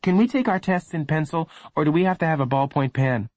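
A man's voice: fairly high pitch, lively intonation, fairly quick, darkish tone, no room sound, pitched above the performer's own voice, natural voice. A man reading a story, voicing an anxious, eager schoolboy who asks hesitant questions. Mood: nervous. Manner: nervous, hesitant.

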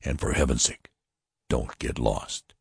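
Narrator as stern old priest, low muttered commands, very deep, close and dry. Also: male voice, unhurried, gravelly, slightly rough, dry recording, heavily acted. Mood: grim. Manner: low, grim murmur. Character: old priest, grim and determined.

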